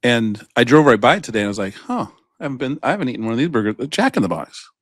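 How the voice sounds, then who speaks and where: In a very fast, medium-pitched voice with big pitch swings, a male podcast co-host rambles through a casual chat full of fillers and tangents. The studio-quality recording has no room sound.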